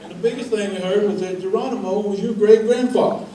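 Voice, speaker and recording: A man's voice: high-pitched, fast talker, crowd noise, noisy background. An older man telling folksy, wry roast stories about his old coach, laughing through the punchlines. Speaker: roast speaker, former player. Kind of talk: comedic roast storytelling. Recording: echoey hall, mic at a distance.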